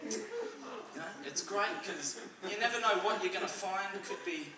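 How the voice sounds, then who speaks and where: A young Australian man doing dry stand-up comedy at a church service, loudly acting out the voices in his stories. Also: sits high, huge pitch swings, a little slow, a crowd in the background. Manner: dry storytelling, acts out quoted voices loudly. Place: church hall. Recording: echoey hall, mic at a distance.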